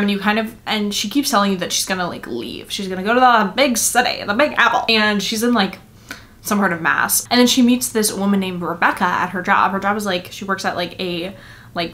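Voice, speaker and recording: A young woman giving a casual book vlog from her apartment, tired from little sleep, rambling with many fillers and quick laughs. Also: medium pitch, a bit bright. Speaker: book vlogger. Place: apartment at home.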